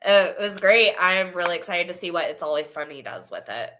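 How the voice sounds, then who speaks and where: A woman teacher guesting on a casual podcast chat, animated and laughing often as she retells scenes. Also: lowish voice, brisk, a little hiss or hum. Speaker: guest, schoolteacher.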